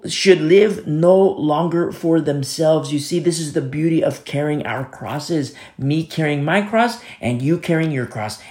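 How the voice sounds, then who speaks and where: A man preaching a sermon as pastor, earnest and repetitive, often dropping to a soft hush. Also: mid-range voice, reverberant.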